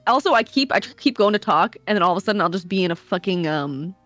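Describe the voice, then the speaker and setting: A woman's voice: mid-range voice, lively intonation, fast talker, fairly bright tone, dry recording. A woman playing a tabletop role-play game, chatty and laughing often between her lines. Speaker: player.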